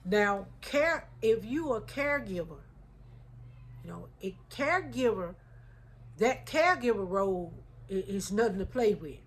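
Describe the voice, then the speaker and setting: A woman's voice: mid-range voice, expressive, unhurried, a little hiss or hum. Heartfelt woman vlogging. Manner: heartfelt, addresses viewers as y'all. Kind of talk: emotional casual chat to viewers.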